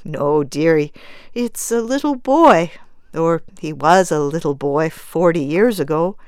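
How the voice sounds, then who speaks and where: A woman reading aloud, voicing a gentle, sympathetic elderly woman who speaks softly and kindly. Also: low-pitched, lively intonation, a little slow, smooth, no room sound, clean studio sound. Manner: soft, kindly, calls others dearie. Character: kindly gray-haired older woman, calm and sympathetic.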